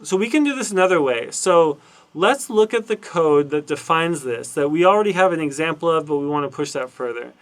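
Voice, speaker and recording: A man's voice: fairly high pitch, lively intonation, fairly quick. Man lecturing casually with many fillers. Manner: thinks aloud with many fillers and restarts. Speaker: university lecturer. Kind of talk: casual recorded lecture walking through documentation.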